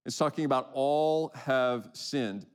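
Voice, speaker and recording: A man preaching a sermon in a conversational way, with frequent restarts and slow, emphatic verse readings. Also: mid-range voice, clean tone. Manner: rhetorical questions to the congregation. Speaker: pastor.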